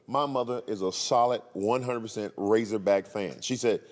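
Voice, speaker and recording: A man's voice: on the low side, moderate pace. A middle-aged man from Arkansas, a former player animatedly telling a story on a reunion panel and acting out the voices. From Arkansas, USA. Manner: animated, laughing, acts out voices in his anecdote. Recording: echoey hall.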